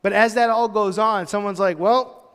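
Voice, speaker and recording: A man's voice: sits high, fairly even intonation, brisk, a bit bright, clear, resonant tone, in a large hall. A pastor in his thirties giving a casual, storytelling sermon, full of loose conversational asides. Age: 30s. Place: church hall.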